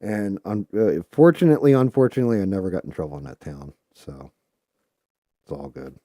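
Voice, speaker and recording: A man's voice: low voice, fairly quick, no echo. A man hosting a live stream, telling a story in a loose, profane way with lots of filler words, and livening up when he quotes people. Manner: animated when quoting others. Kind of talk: casual storytelling while painting.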